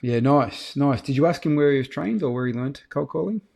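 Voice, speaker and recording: A man's voice: medium pitch, animated, fairly quick, gravelly, darkish tone. A man co-hosting a podcast, asking probing questions with hesitant fillers. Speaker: podcast co-host. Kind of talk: casual podcast discussion.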